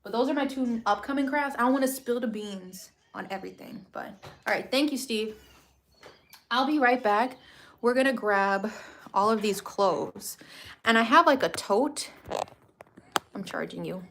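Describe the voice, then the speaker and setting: A woman's voice: fairly high pitch, normal speed, fairly bright tone. Chatty rambling woman vlogging. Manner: rambling and chatty, with many fillers and restarts. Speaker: craft vlogger and small shop owner. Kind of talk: casual vlog chat.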